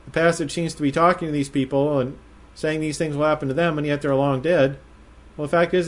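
Male Bible teacher, slightly higher voice, measured explanatory delivery, leans on key phrases. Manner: measured, explanatory, slows to stress quoted phrases.

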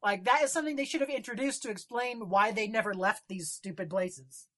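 A woman's voice: mid-range voice, brisk. Chatty woman telling anecdotes. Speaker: podcast co-host, cartoonist. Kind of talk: casual chat.

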